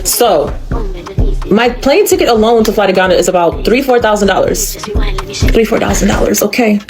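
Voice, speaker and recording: An American woman vents straight into her phone camera, exasperated and asking one rhetorical question after another. Her voice sits in a middle pitch, and faint music plays under her talk. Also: moderate pace. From United States. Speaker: vlogger. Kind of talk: casual selfie video rant.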